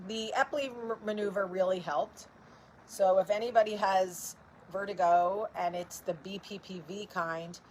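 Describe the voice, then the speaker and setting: A woman's voice: medium pitch, slight background noise, rough recording. Blunt, chatty woman in her forties. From New Jersey. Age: 40s. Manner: talks straight to viewers and answers their comments. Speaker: host of a live video show. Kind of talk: casual live-stream chat.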